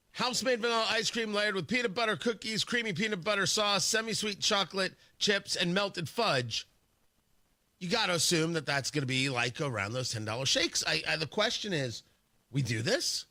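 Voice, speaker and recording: A man's voice: high voice, bright, forceful tone, no room sound, clean studio sound. Wry, stammering male radio host. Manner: wry, rambling, many stammered restarts. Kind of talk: casual morning radio talk. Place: radio studio.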